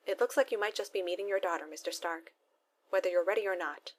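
A woman reading the lines of a calm, businesslike male government agent in a fan fiction audiobook, measured and matter-of-fact. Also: mid-range voice, lightly acted.

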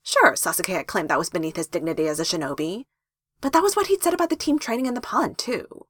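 A woman narrating a fanfiction story with lively, playful emphasis. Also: fairly low pitch, fast, husky, no room sound, studio quality. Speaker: fanfiction reader.

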